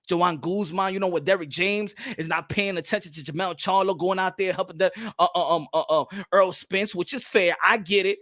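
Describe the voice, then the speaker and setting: Rowdy bright-voiced Dominican boxing host. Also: male voice, high-pitched, steady tone, brisk, few pauses, no echo, studio quality. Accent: Dominican Spanish. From Dominican Republic. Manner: playful, loud, switches between English and Spanish, laughs often. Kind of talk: casual live-stream chat.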